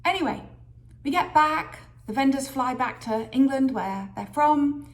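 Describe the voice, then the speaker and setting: A woman vlogging a workplace story, lively and acting out the voices of people she quotes. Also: sits high, unhurried. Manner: lively storyteller who acts out quoted dialogue. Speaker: business leader sharing a career story. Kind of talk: storytelling vlog.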